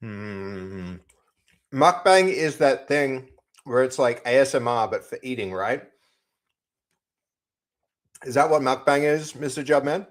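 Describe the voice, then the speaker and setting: A man's voice: mid-range voice, lively intonation, slow pace, long pauses. A young man live-streaming, chatting casually to his viewers while working on code, rambling with many restarts. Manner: rambling, talks to chat, lots of restarts.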